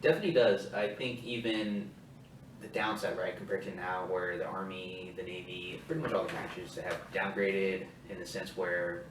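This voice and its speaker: A man's voice: low-pitched, fairly even intonation, moderate pace, reverberant, recorded from a distance, a little hiss or hum, rough recording. A man hosting a casual podcast interview, chatting bluntly and swearing freely. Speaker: podcast host, army veteran.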